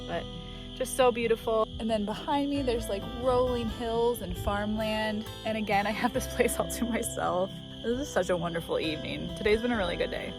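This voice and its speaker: A woman's voice: mid-range voice, low-quality recording. A middle-aged woman from the United States, chatting casually as a travel vlogger, laughing often and talking with enthusiasm from her car and outdoor overlooks.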